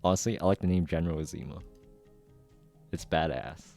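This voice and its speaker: A man reads a story aloud in a casual readthrough, stopping to chuckle and comment. His voice is low, and his tone is mellow and dark. Faint music plays behind him. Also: normal speed, gravelly. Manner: laughs and comments between lines. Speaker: reader.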